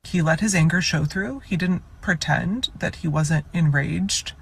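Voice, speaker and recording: A woman's voice: low voice, gravelly, darkish tone, a little hiss or hum. A woman speaking earnestly and a little choked up, sharing her admiration for what she has just watched. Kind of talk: emotional commentary on a video call.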